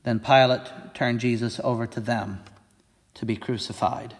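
A man, a pastor, reading scripture aloud and preaching at a church service in a clear, earnest voice. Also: mid-range voice, steady tone, measured pace, long reverb tail.

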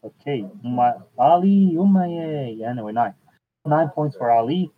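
A man hosting a casual chat at a medium pitch, in an unhurried way. He fills pauses with "uh" and often restarts his sentences. His voice comes through a thin, tinny line like a phone call. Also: a little hiss or hum. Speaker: podcast host.

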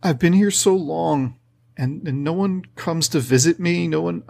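A man's voice: on the high side, vocal fry, a little mellow. A man voicing a lonely, stammering spirit girl. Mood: sad. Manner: halting, stammering, tearful pleading. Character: lonely, timid female shrine spirit.

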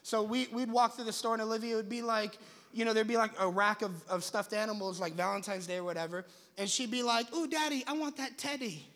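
Young man, pastor preaching, animated conversational sermon, high bright voice, long hall reverb. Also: fast.

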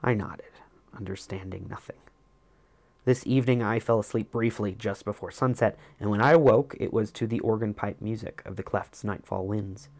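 A man reading a first-person story as an audiobook narrator, in a measured, reflective way. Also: fairly low pitch, fairly even intonation, darkish tone, dry recording.

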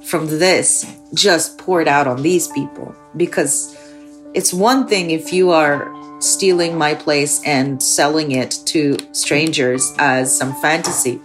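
A woman's voice: sits low, takes it slowly, soft background music. A woman filmmaker from the Soviet Union recounting a personal story candidly, with frequent "like" fillers. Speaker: filmmaker guest.

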